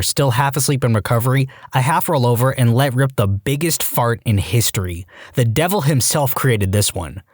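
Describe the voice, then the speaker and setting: A man's voice: mid-range voice, no room sound, clean studio sound. A man narrating online stories in a scripted way, acting out the quoted lines in different voices. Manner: lively, acts out quoted lines in shifting voices.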